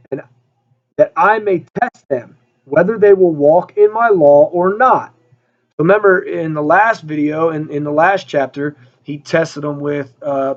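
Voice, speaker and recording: A man's voice: high voice, a little mellow, dull audio. A man giving a casual verse-by-verse Bible teaching, reading passages aloud and talking them over with many fillers. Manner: conversational, frequent fillers, reads scripture aloud.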